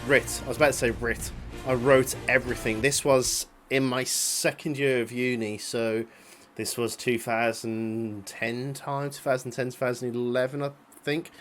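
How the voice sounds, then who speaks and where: A man's voice: medium pitch, fairly bright tone. A man in his late twenties giving casual, rambling commentary over old video clips, swearing freely and chuckling to himself. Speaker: vlogger.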